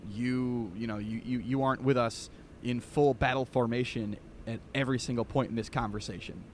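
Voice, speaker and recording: A man's voice: medium pitch, steady tone, a little fast, slight background noise. A man talking as a guest on a casual podcast, chatty and full of restarts. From United States.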